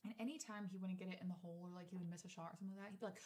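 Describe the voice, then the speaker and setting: Animated young woman telling a story. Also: medium pitch, quick pace, long pauses. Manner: animated, swearing freely, acts out quotes. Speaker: podcast co-host. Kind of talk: casual chat, storytelling.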